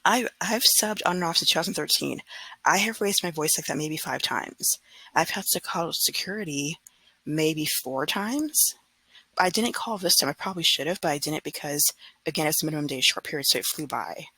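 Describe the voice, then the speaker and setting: A woman's voice: low voice, normal speed, pushed and bright, slightly rough, dry recording, low-quality recording. A woman in her thirties, a substitute teacher, venting casually and acting out what she told her class. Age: 30s. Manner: exasperated, retells scenes with quoted dialogue.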